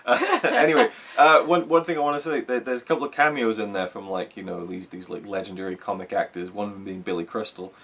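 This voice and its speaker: A man's voice: fairly low pitch, fast talker, few pauses, a bit bright. A man hosting a casual film review chat, talking in a rambling, enthusiastic way with frequent restarts. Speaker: film reviewer, show host.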